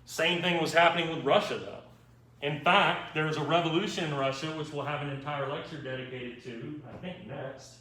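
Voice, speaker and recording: A man's voice: a little high, normal speed, pushed and bright. Man lecturing in an echoey classroom. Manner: informal, wry, checks in with students. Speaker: history lecturer. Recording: echoey room, mic far off.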